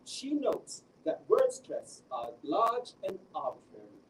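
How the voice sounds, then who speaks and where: A man's voice: on the high side, slow. A young man gives an academic presentation of his research as a teacher trainee, often restarting his sentences. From Malaysia. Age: young adult. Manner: animated, with frequent restarts. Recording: distant mic with faint background noise.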